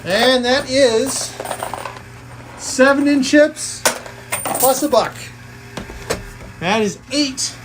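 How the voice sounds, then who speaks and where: Speaking very slowly and pausing often, a woman with a high voice calls a live coin-pusher game stream. She's jokey and playful as she tallies scores aloud, over a noisy background.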